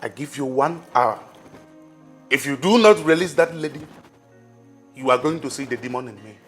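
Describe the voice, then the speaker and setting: A man's voice: medium pitch, moderate pace, faint music behind, lightly acted. An actor with a Nigerian accent playing a confident man who makes firm threats. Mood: threatening.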